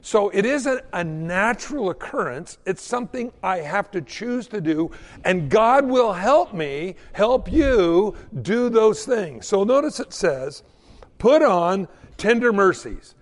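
A man's voice: sits high, lively intonation, slow pace. A man preaching a sermon in a church, telling folksy stories and acting out the quotes. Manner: folksy storytelling with acted-out quotes. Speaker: pastor. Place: church sanctuary. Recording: long hall reverb.

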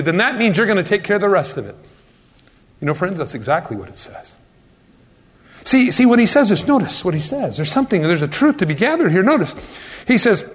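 A man preaching a sermon as pastor, asking questions and answering them himself. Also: high-pitched. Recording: long hall reverb.

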